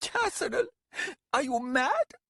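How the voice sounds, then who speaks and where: A male audiobook narrator voicing a furious, sharp-tongued young warrior woman who scolds in a shrill voice. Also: very animated, unhurried, gravelly, husky, dry recording, studio quality, full character voice. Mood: tearful.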